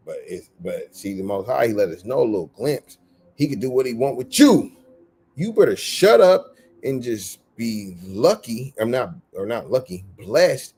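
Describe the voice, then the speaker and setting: A man's voice: mid-range voice, big pitch swings, normal speed, dark tone, slight background noise. A man teaching scripture in a casual, streetwise way with lots of slang, acting out the voices of the people in the story. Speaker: street preacher.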